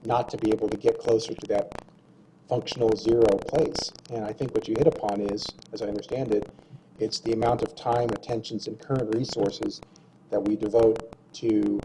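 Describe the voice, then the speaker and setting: A man leading a public meeting discussion, asking long questions in a measured way. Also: fairly low pitch, little pitch movement, noisy background. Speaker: discussion facilitator.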